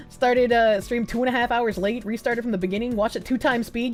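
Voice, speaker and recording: Faint music plays as a woman with a fairly high voice chats casually and reads donations aloud at normal speed. Her manner is lively: she swears without hesitation, gasps occasionally, and sings snippets.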